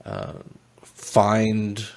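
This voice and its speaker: A man describing his character in a tabletop game, halting with many fillers and restarts. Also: on the low side, big pitch swings, creaky. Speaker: player.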